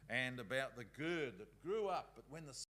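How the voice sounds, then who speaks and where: A man's voice: mid-range voice, lively intonation, moderate pace, bright, forceful tone. A man speaking at a Bible school, giving a conversational talk and reading passages aloud.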